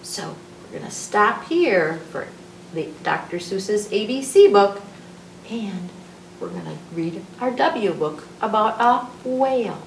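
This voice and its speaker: Storytime reader: woman, lively sing-song phonics delivery, distant mic in a roomy library. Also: medium pitch, slow, vocal fry, slight background noise. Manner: playful, sing-song phonics teaching with sound effects. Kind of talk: children's read-aloud lesson. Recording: echoey room, distant mic.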